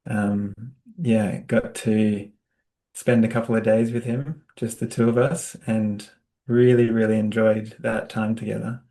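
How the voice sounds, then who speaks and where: A man with an Australian accent interviewing a teacher in a casual conversation, speaking softly with hesitant fillers. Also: lowish voice, little pitch movement, measured pace. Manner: soft-spoken, hesitant with fillers, laughs lightly.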